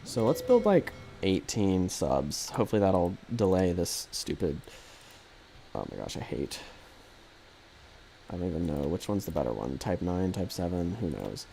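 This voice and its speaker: A man's voice: low-pitched, sing-song, unhurried, vocal fry, warm tone, slight background noise. A man streaming a strategy game live, commentating casually in a rambling, jokey way that keeps correcting itself.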